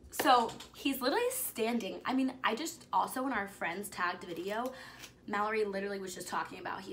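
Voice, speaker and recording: A young woman vlogger telling a story in casual chat, excited and gushing, filling it with "like" and dropping into whispers. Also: on the high side, moderate pace, slight background noise.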